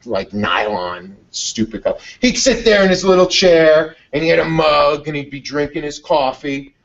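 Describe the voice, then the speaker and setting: High-voiced energetic motivational speaker, a man. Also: moderate pace, gravelly, recorded from a distance, lo-fi sound. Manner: energetic, blunt, swears freely. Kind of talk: motivational storytelling talk.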